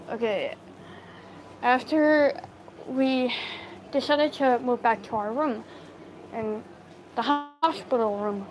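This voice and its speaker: A woman telling a story casually to live viewers on her phone, halting, with many fillers and restarts. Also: on the high side, slight background noise, poor audio. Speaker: livestream storyteller.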